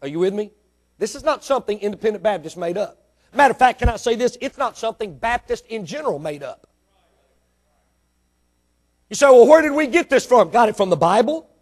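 A man's voice: high-pitched, animated, a little fast, pauses often. A man preaching a sermon in a church, breaking into emphatic bursts and putting direct questions to the congregation. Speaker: pastor.

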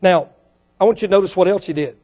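A man with a very high voice preaches a sermon. He fires off rhetorical questions and climbs to fervent peaks, often repeating words and starting phrases over. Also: fast, mellow. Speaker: pastor.

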